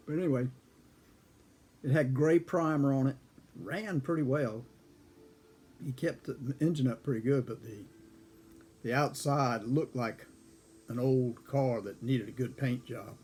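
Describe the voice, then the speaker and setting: A man's voice: medium pitch, takes it slowly, long pauses, a little mellow, a little hiss or hum. An older man in his seventies casually telling a rambling personal story, chuckling often and correcting himself as he goes. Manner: chuckles often between lines.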